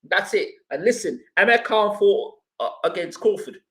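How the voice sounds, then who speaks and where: A man's voice: high voice, normal speed. A man hosting a live boxing stream, arguing with viewers and asking rhetorical questions. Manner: animated and argumentative, with rhetorical questions. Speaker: boxing channel host. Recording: echoey room.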